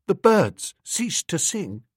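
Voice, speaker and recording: A man voicing a dramatic, lovesick young gentleman who gushes and sulks over his beloved, in an audiobook reading. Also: sits high, very animated, slow, breathy edge, dry recording, clean studio sound, pitched above the performer's own voice, exaggerated voice. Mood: brooding. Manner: gushing and petulant, sighs over his beloved. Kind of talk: audiobook character voice.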